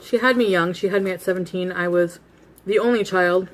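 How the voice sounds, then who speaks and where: A woman's voice: fairly low pitch, fairly quick. A woman vlogger in her thirties, bluntly telling a rambling story about herself, laughing at herself while she eats. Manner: eating while talking. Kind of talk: casual storytelling.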